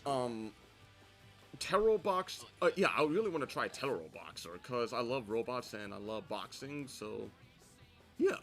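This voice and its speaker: A man rambles through a casual commentary on his own old video, stopping often for ums and uhs. His pitch is lively and animated. Faint music plays underneath. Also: a little slow, vocal fry. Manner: rambling, many fillers.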